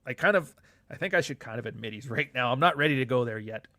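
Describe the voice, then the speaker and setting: There's no room sound as a middle-aged host talks fast in a sharp-toned, mid-range voice. Running his live show, he banters with viewers and reads their comments, loose and profane, joking around with lots of asides.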